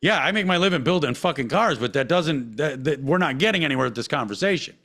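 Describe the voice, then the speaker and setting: A man hosting a podcast, delivering a profane, heated rant. He swears constantly and swings between low mutters and loud outbursts. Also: animated, fast. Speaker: podcast host. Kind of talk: profane ranting monologue.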